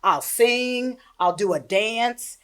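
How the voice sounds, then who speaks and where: A woman in her fifties speaks in a naturally loud, emphatic voice, full of classroom energy. She is a seasoned science teacher chatting casually, pressing her points with conviction. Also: fairly high pitch, takes it slowly, clean tone. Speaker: high school science teacher, guest. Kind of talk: casual conversational interview.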